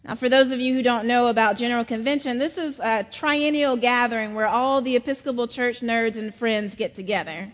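A middle-aged woman from South Carolina, preaching a sermon in a slow storytelling manner. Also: fairly high pitch, in a large hall. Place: large church.

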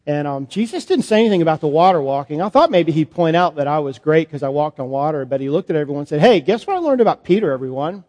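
A man, a priest, performing a first-person Bible monologue in a sermon, conversational and halting with fillers. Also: on the high side, a little mellow. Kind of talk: dramatic monologue as Peter in a sermon. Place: church sanctuary. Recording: long church reverb.

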